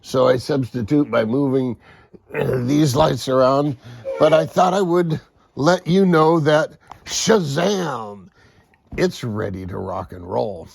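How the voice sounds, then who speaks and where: A man casually talking through his model boat projects in his home workshop, unhurried and rambling, with a self-deprecating humor. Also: mid-range voice, gravelly, darkish tone, husky. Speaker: model boat hobbyist vlogger.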